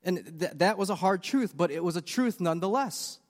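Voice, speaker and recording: A man's voice: high voice, lively intonation, brisk, in a large hall. A man preaching a sermon with earnest, confessional questions. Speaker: pastor.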